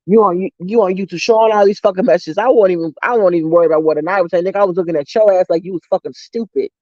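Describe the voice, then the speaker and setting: A woman delivering a heated, profane commentary rant straight to her viewers, talking fast and cutting herself off. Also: on the low side, darkish tone, dry recording. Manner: heated, profane, rapid-fire ranting. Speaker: commentary vlogger. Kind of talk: ranting commentary vlog. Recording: dull lo-fi dry recording.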